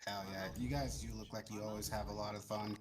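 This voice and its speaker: A man's voice: lowish voice, level tone, quick pace, background noise. A man talking as a guest in a casual voice-call chat, laid-back and profane, using lots of slang. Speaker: guild member guest.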